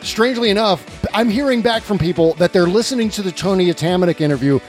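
High-voiced sarcastic male podcast host. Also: expressive, fast talker, soft background music. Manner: sarcastic, laughs often. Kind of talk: casual political talk.

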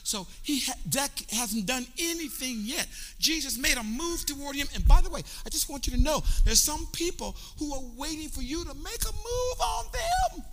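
A middle-aged male pastor preaching an animated sermon, shouting and half-singing as he calls out to the congregation in a church. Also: very high voice. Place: church sanctuary. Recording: long hall reverb.

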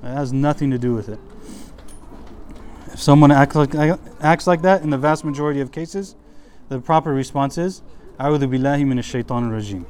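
A man's voice: a little high, normal speed, pauses often, darkish tone, smooth. Male religion teacher, casual lecture, resonant tone, voice slightly worn. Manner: chatty, frequent "like" and restarts. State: voice a little worn.

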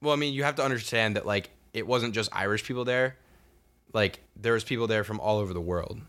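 Young male podcast co-host, bright edge to a lowish voice, loose profane storyteller. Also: fairly quick. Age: young adult. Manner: rambling, profane storytelling with lots of fillers. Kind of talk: casual chat.

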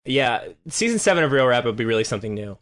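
A man co-hosting a podcast in casual chat, rambling and self-deprecating, often trailing off quietly. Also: mid-range voice, very animated, fast, no echo, clean studio sound. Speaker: podcast co-host.

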